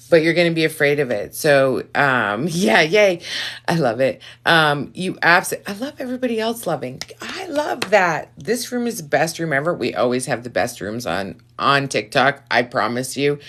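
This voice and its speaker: A woman with a raspy voice hosting a casual live stream, effusive and profane, giving blunt direct advice to viewers. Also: extremely low pitch, fairly bright tone.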